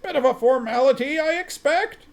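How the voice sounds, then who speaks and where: High falsetto gossipy townswoman, breezy and vague, as a male reader puts her on. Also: moderate pace. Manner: vague, wise-sounding agreement. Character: gossipy woman in a crowd, cheerfully agreeable.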